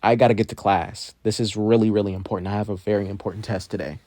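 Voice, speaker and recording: A man's voice: fairly low pitch, fairly even intonation, fast, mellow, close to an everyday voice. A man voicing a nervous teenage boy student who stammers and repeats his words. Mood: flustered.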